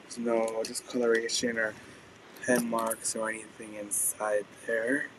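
A hoarse man who is losing his voice, hosting a casual live-stream sale and describing each item in detail. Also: fairly low pitch, monotone, measured pace, noisy background. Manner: chatty, describes items in detail.

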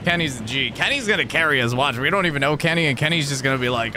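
A man's voice: medium pitch, animated, fast, few pauses, bright, forceful tone, slight background noise. A man from New Jersey chatting playfully while streaming a video game. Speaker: gaming streamer. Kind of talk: casual live-stream commentary.

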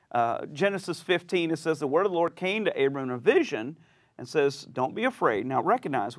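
A male pastor teaches in a relaxed back-and-forth with a co-host. His voice sits a little high and swings widely in pitch as he acts out the people in his stories. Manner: animated storyteller, acts out quoted voices. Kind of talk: sermon-style teaching conversation.

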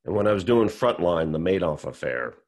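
A man telling a long personal story in an interview, animated and acting out what others said. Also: low-pitched, fairly quick. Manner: animated storyteller who acts out quotes. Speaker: whistleblower telling his story.

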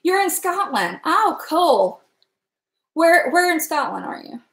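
Chatty high-voiced Southern woman host. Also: big pitch swings, takes it slowly, fairly bright tone. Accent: Southern American. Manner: chatty, laughs often, greets viewers by name. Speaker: cooking channel host. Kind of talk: casual live-stream chat with viewers. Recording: echoey room.

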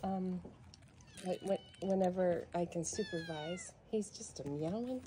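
A woman's voice: lowish voice, measured pace, slight background noise. A woman filming her cats at home, talking to them in a doting, coaxing way and sometimes dropping to a whisper. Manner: coaxing, doting baby-talk to the cats, at times hushed to a whisper. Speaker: cat rescuer filming her foster cats. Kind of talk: casual vlog narration, talking to her cats. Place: room at home with kittens and cats.

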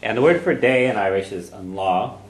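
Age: adult. Sex: man. Role: language teacher. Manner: patient, step by step. Pitch: low. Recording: echoey room. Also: animated, a little fast, over music. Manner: patient, breaks phrases down word by word. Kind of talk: teaching a group class.

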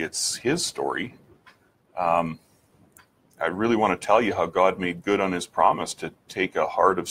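A man giving an earnest personal faith testimony, reflective, with frequent pauses and restarts, asking the listener direct questions. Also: sits low, a bit bright, breathy edge. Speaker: speaker sharing his faith testimony.

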